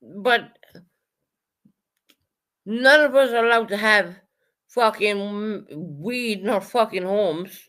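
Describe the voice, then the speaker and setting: Speaking slowly with frequent pauses, a woman with a mid-range, fairly bright voice delivers an angry livestream rant. She swears heavily, circles back over the same points, and calls out viewers in the chat by name.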